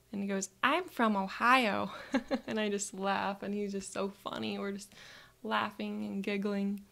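A woman narrating a calm guided visualization in the first person, speaking softly and sometimes slipping into breathy whispers. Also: mid-range voice.

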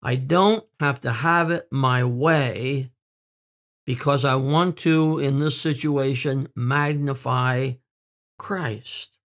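A man preaching a sermon in an earnest way, with fillers and repeated words, slowing down to stress key words. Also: medium pitch, steady tone, fairly bright tone. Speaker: pastor.

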